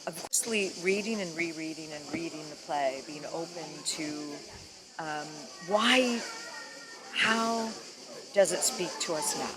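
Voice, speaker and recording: Slow, searching woman over loud music. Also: sits low, low-quality recording. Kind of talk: thoughtful interview answer.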